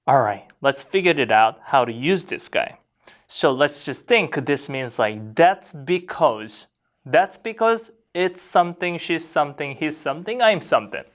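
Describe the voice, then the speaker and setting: A Korean language teacher explaining grammar to learners, modeling phrases slowly so students can repeat them and checking in with frequent questions. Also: medium pitch. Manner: lively, questioning classroom delivery.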